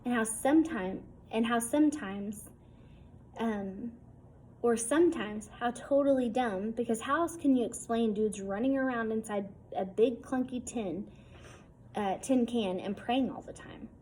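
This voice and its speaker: A woman's voice: fairly high pitch, unhurried, warm tone, a little hiss or hum, low-quality recording. Woman reading a wry, casual first-person story. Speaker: audiobook reader. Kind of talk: first-person novel narration.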